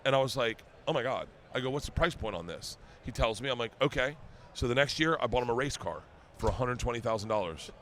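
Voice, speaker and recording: Bright-voiced middle-aged man telling stories. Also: mid-range voice, quick pace. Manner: animated storyteller, acts out quoted dialogue. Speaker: guest comedian. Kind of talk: casual podcast storytelling.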